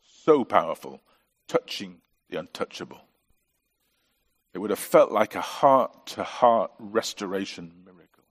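Middle-aged pastor, low-ish voice, earnest preaching, lots of rhetorical questions. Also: male voice, moderate pace, breathy edge. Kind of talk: sermon.

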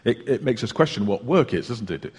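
A man preaching a sermon in a church, telling stories in a chatty, unhurried way with small hesitations. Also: medium pitch, very animated, a little mellow, breathy edge. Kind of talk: sermon with a joke. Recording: long reverb of a church hall.

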